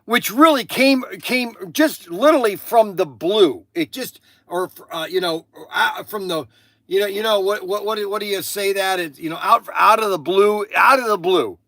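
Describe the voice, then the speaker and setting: An older man talking casually on his livestream, with a bright, forceful voice pitched a little high for a man. He rambles and restarts often, and the sound is close and dry. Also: dry recording. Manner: halting, with many restarts and asides. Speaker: livestream host.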